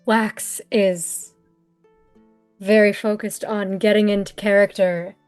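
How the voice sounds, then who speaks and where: A woman's voice: medium pitch, flat delivery, takes it slowly, darkish tone, dry recording, faint music behind. A woman player in a tabletop game, talking playfully.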